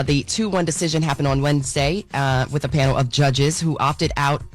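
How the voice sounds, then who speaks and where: A man co-hosting a morning radio show, reading the news in a loose way with lots of fillers. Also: a little high.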